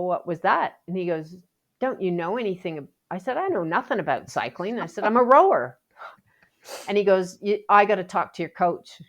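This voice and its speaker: Lively storytelling woman from Canada. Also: lowish voice. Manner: animated storyteller, acts out quotes, frequent restarts. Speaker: podcast guest, Paralympic athlete. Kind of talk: casual storytelling interview.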